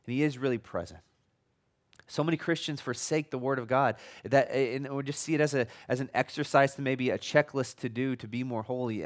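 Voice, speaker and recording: A man's voice: mid-range voice, normal speed. A middle-aged man preaching a sermon as a pastor, in a conversational way, with frequent restarts and jokey asides.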